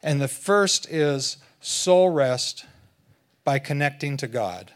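Man preaching a relaxed sermon. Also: medium pitch. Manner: conversational, slows down for emphasis. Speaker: guest preacher.

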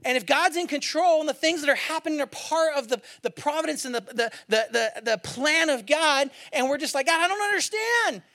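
A man preaching a sermon in a conversational, animated way, swinging from hushed near-whispers to loud emphatic bursts and asking rhetorical questions. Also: extremely high pitch, brisk, hardly any pauses. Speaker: pastor.

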